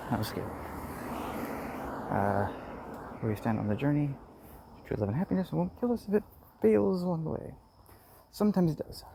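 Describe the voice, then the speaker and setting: A man rambles through a live game stream in a gravelly voice, muttering sarcastic, dark-humored asides to himself. His pitch swings widely from low grumbles to high squawks. A steady hiss of noise sits under the recording. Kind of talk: rambling live-stream monologue while playing.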